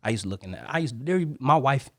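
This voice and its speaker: A man speaking as a podcast guest in a casual interview, emphatic and preaching, with big swings in pitch and loudness. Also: expressive, fast talker, no room sound, clean studio sound.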